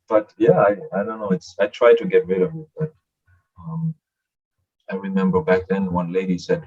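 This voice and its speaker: German-accented man, husky, on a call. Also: sits low, normal speed, long pauses, far from the mic, highs cut off. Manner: animated storyteller, laughs often. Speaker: guest. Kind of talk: casual video call chat. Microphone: video call.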